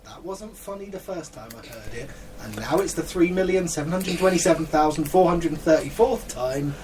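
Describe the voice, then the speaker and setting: A man's voice: a little high, moderate pace, crowd noise. Dry-witted man, distant mic. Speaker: podcast co-host. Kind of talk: casual banter. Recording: distant mic with audible background noise.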